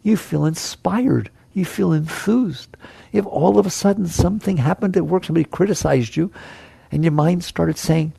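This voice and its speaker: A man's voice: on the high side, expressive, moderate pace, vocal fry, mellow, slightly rough, dry recording. A man giving a conversational spiritual talk to a live audience. He asks the listeners questions and playfully acts out the chatter of the mind. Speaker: spiritual teacher.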